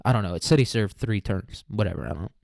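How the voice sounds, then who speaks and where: A man's voice: fairly low pitch, lively intonation, quick pace, creaky, a little mellow, dry recording, clean studio sound. A young man hosting a casual solo podcast, rambling, profane and jokey. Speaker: podcast host.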